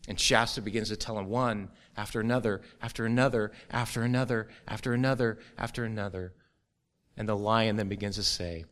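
A middle-aged man preaching a sermon to his church, earnest and building to a forceful, rising close. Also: on the low side, fast talker. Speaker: pastor.

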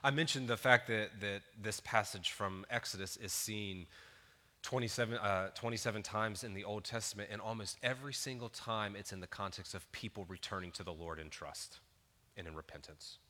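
A man's voice: lowish voice, moderate pace, bright, forceful tone, in a large hall. A man in his thirties preaching a sermon in an earnest, conversational way, building to emphatic peaks. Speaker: pastor.

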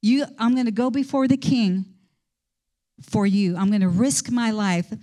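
A woman's voice: on the high side, a little slow, warm tone, voice pushed down, close to an everyday voice. A woman voicing a brave young queen who speaks with firm resolve. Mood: resolved.

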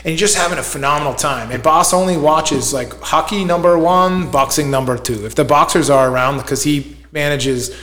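A man's voice: on the high side, moderate pace, hardly any pauses, fairly bright tone. A man chatting casually as a podcast guest, telling a long story in a loose, rambling way with plenty of filler words. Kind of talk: casual chat. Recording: roomy echo.

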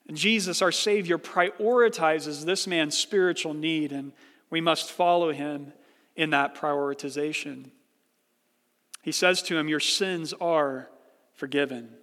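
Earnest high-voiced pastor preaching. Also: male voice, a bit bright. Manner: earnest preaching with rhetorical questions. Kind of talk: sermon. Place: church sanctuary. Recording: reverberant church hall.

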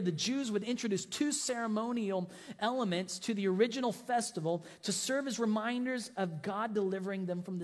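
A man preaching a sermon, animated, his voice rising for emphasis and dropping low at the ends of phrases. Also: long reverb tail. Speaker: pastor.

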